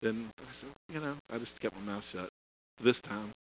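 A middle-aged pastor preaches a folksy storytelling sermon, chuckling and restarting phrases as he goes. His voice is fairly low and moderately paced, and the audio quality is poor.

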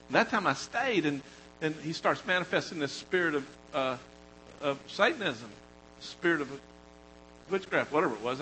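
A man preaching a sermon, talking to the congregation in an animated, conversational way that swings from loud emphasis to quiet storytelling. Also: fairly high pitch, a little hiss or hum, rough recording.

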